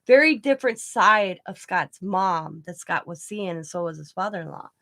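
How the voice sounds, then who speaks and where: A woman hosting a craft channel, casually telling a rambling family story full of asides and lively retold dialogue. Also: fairly low pitch, normal speed, gravelly, no room sound. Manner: rambling, chatty, full of "you know" asides; animated when retelling quoted dialogue.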